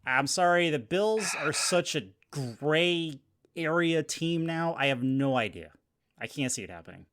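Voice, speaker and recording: A man's voice: a little high, lively intonation, unhurried, a bit bright. Hesitant man reading sports predictions. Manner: hesitant, restarts often, laughs easily. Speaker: podcast co-host. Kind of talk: casual sports podcast chat.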